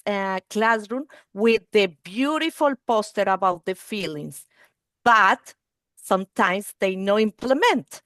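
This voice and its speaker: A woman's voice: mid-range voice, expressive, slow, fairly bright tone, dry recording, studio quality. A woman presenting a training webinar for early-learning teachers over a video call, speaking non-native English and often checking in with "okay?" and "you see".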